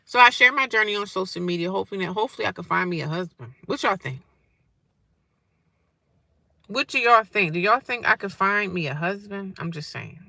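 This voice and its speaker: A woman in her forties vlogging straight to her viewers, defiant and sarcastic, jumping from loud outbursts to low mutters. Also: animated, brisk, vocal fry, no room sound. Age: 40s. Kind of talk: casual direct-to-camera rant.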